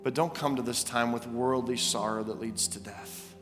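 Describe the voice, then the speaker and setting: A male pastor preaching a sermon in a church, telling stories with animated, emphatic repetition. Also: mid-range voice, moderate pace, in a large hall, soft background music. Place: church sanctuary.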